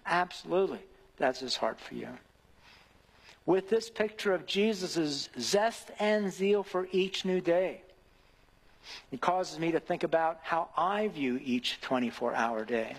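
A man's voice: on the high side, lively intonation, a little slow, slightly rough, big-room sound, low-quality recording. A man preaching an earnest devotional sermon who builds to emphatic rhetorical questions.

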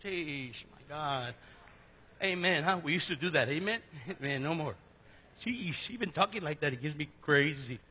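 A male pastor delivering a lively sermon in a church, joking and quizzing his congregation. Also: on the high side, normal speed, a little hiss or hum. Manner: lively, jokey preaching that asks the congregation questions.

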